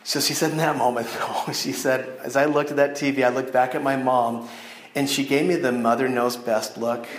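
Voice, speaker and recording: A man's voice: medium pitch, normal speed, background noise. A man giving a storytelling sermon to a youth audience from the stand of a church chapel, talking straight to his listeners. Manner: animated storytelling that addresses the audience directly. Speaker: youth speaker. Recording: echoey chapel room.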